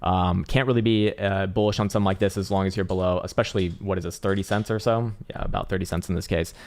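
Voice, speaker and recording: A man with a fairly low voice talks through trading charts on a live stream in a loose, rambling way. He swears freely, laughs often and reads viewer messages aloud between his chart reads. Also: steady tone, fast talker, a little hiss or hum.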